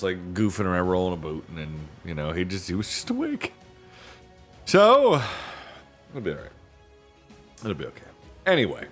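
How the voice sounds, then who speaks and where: A tired man hosting a livestream from home, chatting casually with viewers in a rambling way and repeating himself. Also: medium pitch. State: tired from a sleepless night. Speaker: livestream host reading books aloud. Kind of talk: casual chat with live viewers. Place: home with family nearby.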